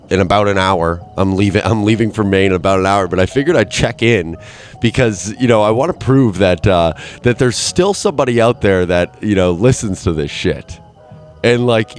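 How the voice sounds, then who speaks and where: A man's voice: fairly low pitch, darkish tone. A man hosting a solo comedy podcast from his basement, rambling and self-mocking, and working himself up into exasperated rants. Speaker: podcast host. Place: home basement.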